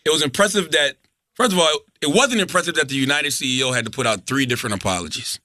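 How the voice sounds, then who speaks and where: A man talking quickly in a high, bright voice that leaps up and down in pitch. He chats casually as a podcast co-host, profane and insistent, saying the same line again and again. The sound is close and dry. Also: no room sound. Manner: animated, profane, repeats his point over and over. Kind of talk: casual chat.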